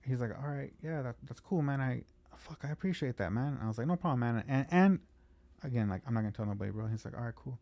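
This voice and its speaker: Fast-talking gravelly man telling stories. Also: mid-range voice, lively intonation, mellow, no echo. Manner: rambling, profane storytelling, acting out quotes. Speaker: comedian. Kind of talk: casual storytelling on a podcast.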